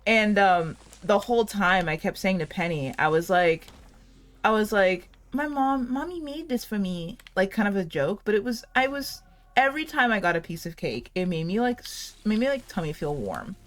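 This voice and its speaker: Over gameplay, a woman in her late twenties who hosts a gaming channel rambles casually, giggles and leans heavily on "like." Her mid-range voice is animated, and her pace is moderate.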